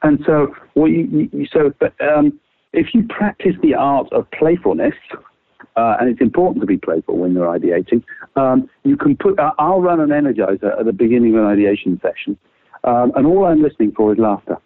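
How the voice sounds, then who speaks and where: Male creativity trainer, lively and casual, dry phone-quality sound. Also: brisk, no room sound. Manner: lively, swings pitch widely, casual swearing. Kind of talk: animated explaining with quick exercises.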